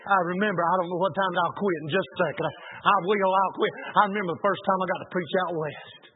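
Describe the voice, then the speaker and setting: A man with a drawl delivers a homespun, storytelling sermon. His voice sits high for a man. The sound is narrow and tinny, like it came through a telephone. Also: steady tone, fast talker, slight background noise. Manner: folksy, colloquial storyteller. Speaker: preacher.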